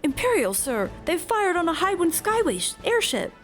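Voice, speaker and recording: A woman's voice: extremely high pitch, moderate pace, faint music behind, voice pushed up. A woman doing a panicked young soldier. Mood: alarmed.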